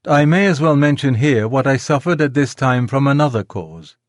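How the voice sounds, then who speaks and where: Measured male audiobook narrator. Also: mid-range voice, expressive, no echo, clean studio sound. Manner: measured, gentle storytelling. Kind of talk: scripted narration of a classic children's novel. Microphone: close studio mic, dry.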